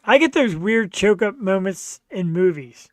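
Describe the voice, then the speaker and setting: A man hosting a talk show, telling animated, self-mocking stories in casual chat. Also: high voice, measured pace, no echo, clean studio sound.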